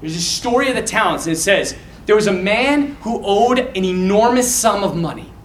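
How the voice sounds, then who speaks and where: A man giving an informal, animated talk to a group of young men, in a casual style. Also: high voice, normal speed, slight background noise. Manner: animated, casual, quotes scenes with feeling. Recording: echoey room from far off.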